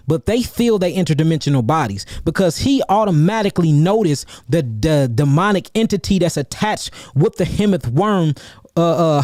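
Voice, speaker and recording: Animated man hosting a live Q&A. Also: fairly high pitch, no echo, studio quality. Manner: animated, calls out chat names and repeats himself for emphasis. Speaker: herbalist host answering viewer questions. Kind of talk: livestream Q&A, casual and preachy.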